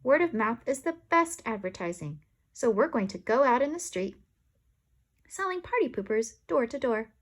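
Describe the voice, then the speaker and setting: A woman voicing an upbeat older grandmother who teaches and invents, talking in an encouraging, excited way. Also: on the high side, moderate pace. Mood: cheerful.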